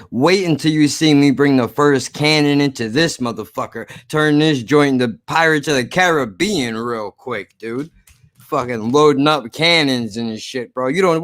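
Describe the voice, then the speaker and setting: A man's voice: mid-range voice, normal speed, fairly bright tone, no room sound, clean studio sound. A man hosting his own podcast, ranting casually with slurred speech and lots of swearing. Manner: slurred, profane, rambling. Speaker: podcast host. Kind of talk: casual rant to listeners.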